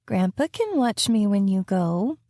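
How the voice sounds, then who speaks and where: A woman's voice: mid-range voice, very animated, unhurried, warm tone, no echo, clean studio sound. A woman voicing a whiny eight-year-old girl. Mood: bratty. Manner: sulky and whiny.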